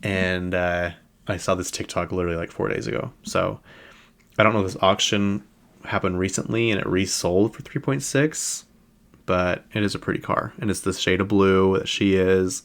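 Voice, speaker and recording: A man's voice: low-pitched, steady tone, normal speed, gravelly. A man hosting a podcast, chatting casually about celebrity news in a rambling way with lots of fillers. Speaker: podcast host.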